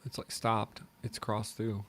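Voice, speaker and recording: A man's voice: lowish voice, monotone, a little slow, fairly bright tone, slight background noise. Easygoing man thinking aloud. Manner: casual, joking, thinking aloud. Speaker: co-host. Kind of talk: casual chat.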